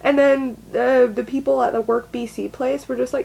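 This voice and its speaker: High-voiced young woman rambling casually. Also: level tone, quick pace, vocal fry, few pauses, mellow, highs cut off. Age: young adult. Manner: rambling, swears a lot, frequent "like" fillers. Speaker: vlogger. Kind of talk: casual personal storytelling.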